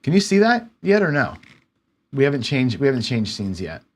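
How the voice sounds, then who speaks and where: Male live-stream host, mid-pitched, casual, muttering and exasperated at his desk. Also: big pitch swings, moderate pace, slight background noise. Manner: frustrated, muttering to himself while searching. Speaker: livestream host.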